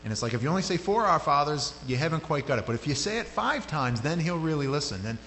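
A man preaching a sermon in a loose, conversational way. His voice jumps up sharply when he gets animated. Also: on the high side, quick pace. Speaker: pastor. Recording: hall reverb with faint hum.

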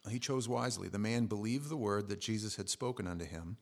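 A man's voice: lowish voice, brisk, vocal fry. A man preaching a sermon, earnestly explaining scripture and asking the listeners questions, with restarts and asides.

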